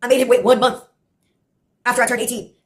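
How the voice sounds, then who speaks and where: A woman's voice: a little high, steady tone, fast talker. A woman in her late twenties telling a rambling, profane personal story with sardonic asides and laughs mid-sentence. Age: late 20s.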